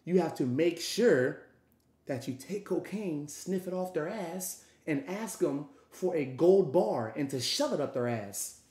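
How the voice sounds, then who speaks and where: Male streamer, brash rambling storyteller, curses a lot, higher-pitched voice, echoey room. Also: animated, a little slow, a little mellow. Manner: profane, rambling, acts out quotes. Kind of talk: animated storytime.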